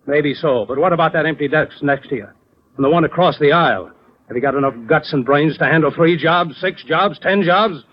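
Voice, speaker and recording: An actor playing a sardonic, persuasive insurance company owner in a 1940s radio drama. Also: male voice, on the high side, brisk, natural voice. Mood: firm. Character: Mister Evans, insurance company owner, sharp-tongued boss. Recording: dull old radio recording.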